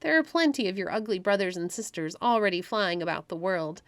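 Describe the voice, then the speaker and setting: A woman's voice: mid-range voice, expressive, fairly quick, dry recording, close to an everyday voice. A woman voicing a curious, tearful young girl in a storybook read-aloud, earnest and pleading. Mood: upset.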